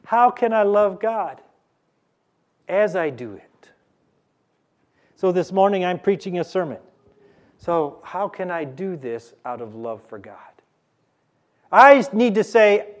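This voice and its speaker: A male pastor preaching a sermon in a church, slow and emphatic, repeating key phrases for the congregation. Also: a little high, expressive.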